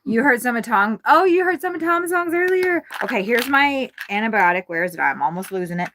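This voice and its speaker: A woman chatting casually on a livestream from inside her RV, frazzled and swearing often, talking in quick, scattered bursts. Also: medium pitch, expressive, fairly bright tone, a little hiss or hum.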